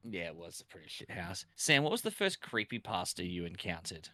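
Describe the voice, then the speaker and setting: Chatty young man streamer, low voice. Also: big pitch swings, brisk, bright, forceful tone, no echo, clean studio sound. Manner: chatty, laughs often, reads chat aloud. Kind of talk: casual live-stream chat.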